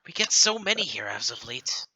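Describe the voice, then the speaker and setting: A game master voicing a frail, kindly old woman who runs an orphanage, soft-spoken and fussing over her guests. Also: medium pitch, sing-song, moderate pace, slightly rough, exaggerated voice, rough recording. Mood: grateful. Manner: warm, fussing, soft-spoken, leans on a cane.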